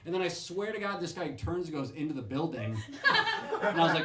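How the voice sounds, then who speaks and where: A young man performs stand-up on a comedy club stage, swearing freely and acting out the people in his stories with animated quoted voices. His voice is a little high and fairly quick. The room sounds roomy, with a laughing crowd.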